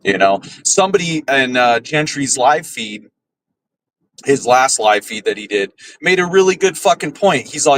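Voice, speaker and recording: A podcast host with a mid-range, sing-song, slightly bright voice rants heatedly at normal speed, with a little hiss or hum. He swears a lot and keeps tagging his points with "right?" in this casual, profane rant.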